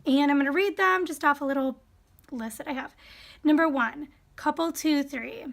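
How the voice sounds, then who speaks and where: A young woman with a Wisconsin accent reads quiz questions and word lists in a casual, chatty way. Her voice sits high, and she often stops to wonder aloud whether she says a word right. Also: moderate pace, gravelly, a bit bright. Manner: reads a word list, musing aloud and second-guessing her pronunciations. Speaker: vlogger. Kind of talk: casual accent tag reading.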